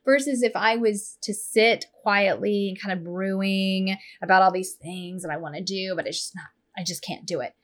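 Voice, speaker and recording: A woman in her thirties, hosting a podcast in a casual conversational way. She tells stories with an animated, playful touch. Her pitch sits mid-range for a woman. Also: moderate pace, hardly any pauses. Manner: warm, animated storytelling with playful voices.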